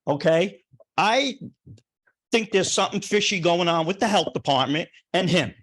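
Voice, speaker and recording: An older man speaking up at a town planning board meeting. He is plainspoken and emotional, circling back over the same points. His voice sits a bit high for a man. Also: animated, moderate pace, fairly bright tone. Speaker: resident speaking at a public hearing. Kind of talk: impassioned public comment.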